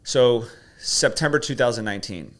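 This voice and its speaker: A man's voice: medium pitch, lively intonation, moderate pace. A man coaching his host through questions, then telling a personal story with emotion. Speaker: guest coach.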